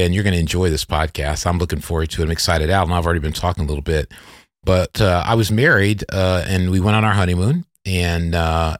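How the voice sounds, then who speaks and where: A man's voice: low voice, no room sound, clean studio sound. A middle-aged man hosting a podcast, telling a personal story in a reflective, conversational way and then interviewing his guest. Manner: reflective, conversational, self-correcting. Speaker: podcast host.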